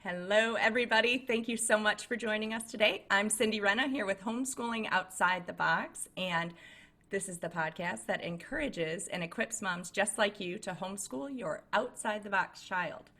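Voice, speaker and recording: A woman's voice: medium pitch, moderate pace, bright, forceful tone. A woman hosting a podcast, introducing her guest in an upbeat, encouraging way. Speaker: podcast host. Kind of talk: podcast interview.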